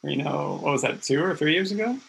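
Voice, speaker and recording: A man hosting a casual interview, easygoing and quick to laugh as he asks questions. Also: fairly high pitch, animated, creaky, fairly bright tone, a little hiss or hum, low-quality recording. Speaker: interviewer, podcast host.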